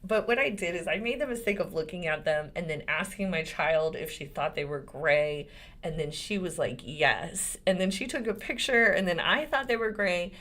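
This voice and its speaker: A woman's voice: lowish voice, moderate pace, a bit bright. A woman in her forties, a lawyer and channel host, talking casually to camera and shifting between serious points and laughter. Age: 40s.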